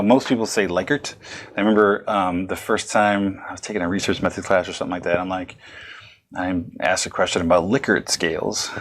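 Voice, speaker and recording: Male lecturer, low voice, rambling conversational delivery with many restarts. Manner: rambling, self-correcting, conversational. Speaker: psychology lecturer. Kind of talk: recorded lecture.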